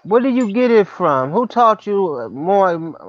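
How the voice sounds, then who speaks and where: A man's voice: sits high, very animated, normal speed, no room sound, dull audio. A man in a casual group chat, teasing and laughing as he insists on his point.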